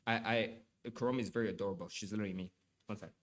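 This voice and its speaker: Low-ish and a bit bright, his voice stays steady in tone while rattling along rapid-fire. The young man is livestreaming, chatting casually and reading aloud, with lots of apologies, stammering, and repetition, plus a touch of allergy stuffiness.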